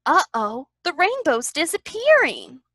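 Lady doing a tiny eager baby kangaroo, piping high voice. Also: wildly swooping pitch, a little slow, pushed and bright, dry recording, studio quality, full character voice. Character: small young male kangaroo.

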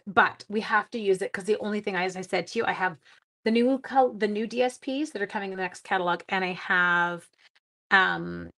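A woman's voice: mid-range voice, a bit bright. Chatty woman demonstrating crafts. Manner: chatty, talks straight to viewers, silly sound effects. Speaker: card-making demonstrator. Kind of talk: casual live-stream craft demo.

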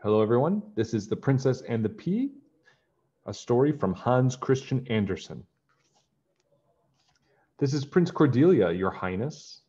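A man reading a children's picture book aloud in a friendly, animated way. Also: mid-range voice, unhurried, pauses often, breathy edge. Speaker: storybook reader. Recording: dull lo-fi home recording.

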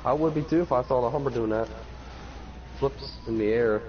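A man streams a game with a friend, cracking jokes, swearing freely and slipping into goofy voices for the characters. His voice sits at an ordinary middle pitch. The stream audio is dull and lo-fi, with a faint hiss underneath. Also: a little fast. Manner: joking, swears often, acts out silly voices for game characters. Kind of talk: casual gameplay chat with a friend.

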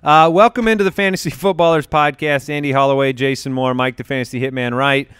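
A man's voice: mid-range voice, steady tone, fast, a bit bright, clear, resonant tone, no room sound, studio quality. A man hosting a podcast in casual chat, upbeat and joking as he runs the show. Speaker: podcast host. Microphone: studio podcast mic.

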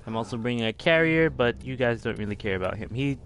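A man's voice: medium pitch, expressive, fast talker, fairly bright tone, a little hiss or hum. A man hosting a casual game walkthrough, rambling and poking fun at himself. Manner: rambling, self-deprecating. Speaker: gaming video host.

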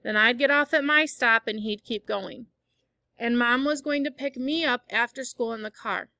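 A woman reading a first-person novel aloud in clear, steady storytelling. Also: fairly high pitch, moderate pace, dry recording. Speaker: audiobook reader.

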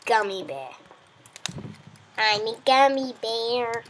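A woman with a high voice chats her way through a survival game at an unhurried pace. Her commentary rambles playfully, and she coaxes the animals on screen as if they could hear her. It is the easy, offhand talk of someone hosting her own gameplay channel. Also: sing-song, a bit bright, a little hiss or hum. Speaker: let's play host.

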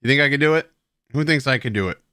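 A man hosting a live stream at his desk talks in a loose, self-mocking ramble, tipsy and playful with his viewers. His voice sits at an ordinary male pitch. It sounds close and dry, with no room around it. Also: quick pace, bright, forceful tone, clean tone, no room sound. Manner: tipsy and playful while drinking beer. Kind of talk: casual live-stream chat. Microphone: headset at a streaming desk.

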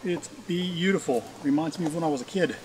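A man's voice: fairly high pitch, fairly quick. A man with a mixed Georgia and Ohio accent, chatting casually and thinking aloud as he works through his beehives outdoors. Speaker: beekeeper. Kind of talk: casual narration while working hives. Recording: noisy outdoor recording with bee buzz. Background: buzzing bees and outdoor ambience.

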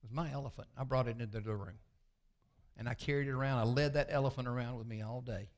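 A man, a pastor preaching a sermon with folksy, confessional storytelling that often sinks to a low murmur. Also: steady tone, quick pace. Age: 60s.

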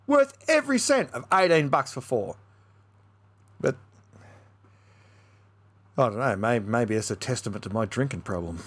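A man's voice: a little high, wildly swooping pitch, a little slow, pauses often, slightly rough. A young Australian man giving a blunt, sweary beer review in a casual vlog.

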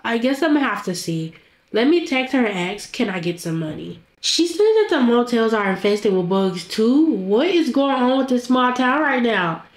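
A woman's voice: a little high, very animated, normal speed, reverberant. A young woman voicing a game role-play monologue, talking to herself in a dramatic, panicky way. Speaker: Roblox roleplay voice actor.

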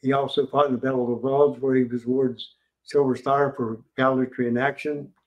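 This muffled recording captures an older man with a West Virginia accent lecturing informally on history in a museum. His mid-range voice barely shifts in pitch, and he keeps pausing, restarting, and using fillers.

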